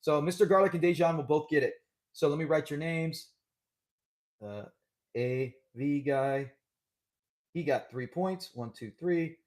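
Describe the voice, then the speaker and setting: High-voiced man hosting a live stream. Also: unhurried, pauses often, darkish tone. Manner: chatty, upbeat, laughs often. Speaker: host of a live trivia stream. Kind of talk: casual live-stream chat.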